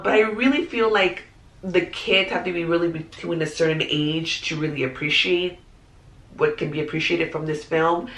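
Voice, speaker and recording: A woman's voice: fairly low pitch, fairly bright tone. A woman hosting her own movie review channel, talking frankly and casually and often repeating her words. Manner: talkative, frank, repeats herself. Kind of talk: casual chat. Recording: echoey room.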